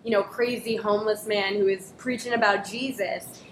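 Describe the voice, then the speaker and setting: A woman who performs improv, telling stories in a casual interview, animated and swearing freely. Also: moderate pace. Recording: echoey room with faint rumble.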